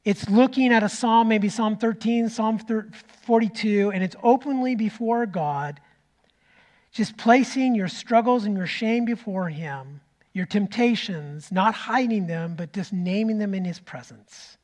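A middle-aged man preaching a sermon as pastor, telling a story that swings from loud to nearly whispered. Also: sits high, unhurried. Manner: storytelling, rising loud then dropping to a near whisper.

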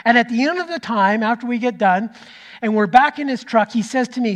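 A middle-aged man preaching a sermon as pastor, telling a story that swings from loud to nearly whispered. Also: very high voice, expressive, quick pace. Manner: storytelling, rising loud then dropping to a near whisper.

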